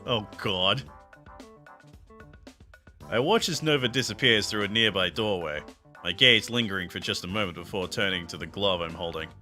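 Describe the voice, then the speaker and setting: A man reads a story game's narration aloud on stream, playful and quick to joke. His voice sits lowish but rings very bright and tense. Soft game music runs behind him. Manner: playful, breaks off to laugh and crack jokes. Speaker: streamer reading a visual novel aloud. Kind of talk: reading narration aloud with joking asides.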